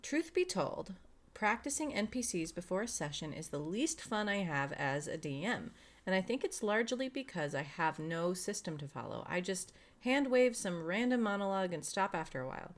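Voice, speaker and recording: A woman's voice: fairly low pitch, big pitch swings, moderate pace. A woman co-hosting a podcast in casual chat, reading out listener questions and chiming in. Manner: reads out listener questions, chatty. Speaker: podcast co-host.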